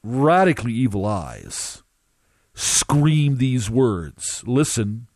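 A man recounting a dramatic first-person testimony as a minister, emphatic and halting, with drawn-out pauses. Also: on the high side, lively intonation, darkish tone, dry recording, studio quality.

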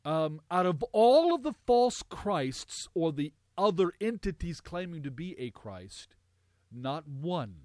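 A man preaching a sermon, emphatic, repeating words for weight, swelling loud and then dropping low. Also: very animated, measured pace, few pauses, dry recording.

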